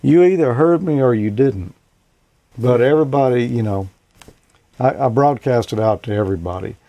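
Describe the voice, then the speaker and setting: A man hosting a show and casually explaining a technical topic, relaxed and folksy, with lots of "you know.". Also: medium pitch, normal speed, dry recording. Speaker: host.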